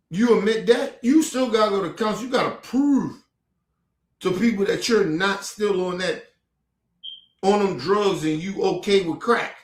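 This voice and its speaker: Yelling, profane man in an echoey room. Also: sits high, measured pace. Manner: heated, profane, mocking rhetorical questions. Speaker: commentary show host reacting to clips. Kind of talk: profane angry reaction rant.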